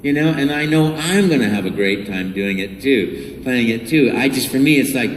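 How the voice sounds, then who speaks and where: A man who is a voice actor answering fan questions at a convention panel, enthusiastic and animated, full of restarts, recorded by phone from the audience. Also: medium pitch, a little slow, slight background noise. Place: large convention hall. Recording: echoey hall from far off, phone.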